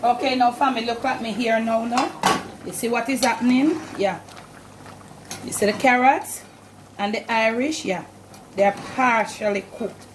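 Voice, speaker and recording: A woman's voice: on the high side, normal speed, long pauses, background noise. A middle-aged woman with a Jamaican accent hosting a home cooking demonstration, chatting to viewers as family and repeating "look at me here". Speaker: cooking show host. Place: home kitchen.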